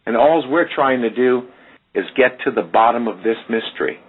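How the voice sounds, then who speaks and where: Emphatic man with a husky voice on the radio. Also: mid-range voice, expressive, normal speed. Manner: emphatic, preachy, addresses listeners directly. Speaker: radio show host. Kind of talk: casual radio talk. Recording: tinny phone-line radio audio.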